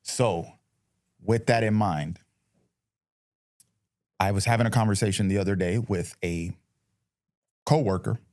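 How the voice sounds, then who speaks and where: A man's voice: fairly low pitch, unhurried, long pauses, darkish tone, no echo, clean studio sound. A man co-hosting a casual talk show, blunt and opinionated, rambling with frequent restarts. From United States. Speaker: podcast co-host. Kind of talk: casual chat.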